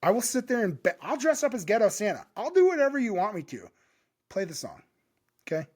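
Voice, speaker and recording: High-voiced, swearing podcast co-host. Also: male voice, wildly swooping pitch, a little fast, slightly rough. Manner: loud, swearing, hyped and joking. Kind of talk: casual podcast chat. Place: home podcast studio.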